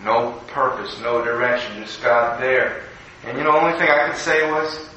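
A man's voice: mid-range voice, fairly even intonation, moderate pace, pushed and bright, slight background noise. A man giving a recorded devotional sermon in a conversational, storytelling way, acting out the voices he quotes. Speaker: preacher. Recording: echoey room from far off.

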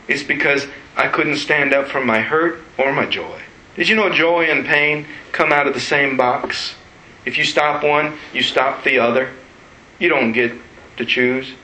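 A man's voice: medium pitch, bright, forceful tone. A man, a pastor, telling a personal story in a sermon. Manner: storytelling with emotional retelling. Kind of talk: sermon testimony. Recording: roomy echo.

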